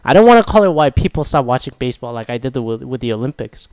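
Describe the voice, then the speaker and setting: A man's voice: medium pitch, big pitch swings, very fast, darkish tone, smooth, no echo. A young man from Korea, hosting a casual solo talk and ranting profanely with self-mocking asides. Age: young adult.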